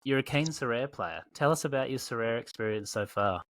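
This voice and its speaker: A man's voice: medium pitch, animated, brisk, a bit bright, dry recording. A man with an Australian accent hosting a podcast, teasing his guest while playing along with mock seriousness. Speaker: podcast host interviewing. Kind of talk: mock interview, casual banter.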